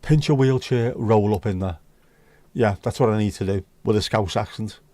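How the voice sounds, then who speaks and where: A man's voice: lowish voice, normal speed, mellow, no room sound. A man from the United Kingdom hosting a casual livestream chat, talking bluntly and swearing freely. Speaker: livestream host.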